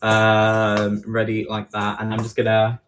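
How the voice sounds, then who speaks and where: A man's voice: fairly low pitch, completely flat delivery, unhurried, music in the background. A man with an East London accent, chatting casually as he bakes live in his home kitchen, talking to himself and teasing himself as he goes. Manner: chatty, self-deprecating, repeats quantities aloud. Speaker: home baking livestreamer. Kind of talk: casual live baking chat.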